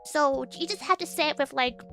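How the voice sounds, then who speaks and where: A young woman who streams as a virtual character chats casually in a high, brisk, bright voice with vocal fry and a forceful tone. She giggles often, laughing between phrases and repeating her words as she goes. Soft music plays in the background.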